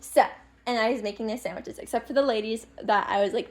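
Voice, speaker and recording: A high-pitched young woman in her late teens, chatting through a storytime vlog. She rambles from one aside to the next, breaks into laughter often and swears without a second thought. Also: a little fast, darkish tone. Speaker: vlogger. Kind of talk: casual storytime chat.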